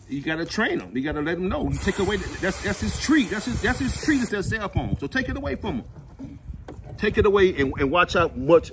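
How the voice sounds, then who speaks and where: Lively storytelling man outdoors. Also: sits high, noisy background. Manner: folksy, animated, preachy asides. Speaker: vlog host. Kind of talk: casual storytelling chat. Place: outdoors at home cleaning fish.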